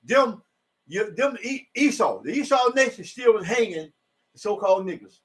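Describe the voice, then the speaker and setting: A man preaching informally from scripture in a loose, repetitive way, rising to emphatic shouts when he reads the verses. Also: high-pitched, animated, moderate pace. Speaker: self-styled preacher.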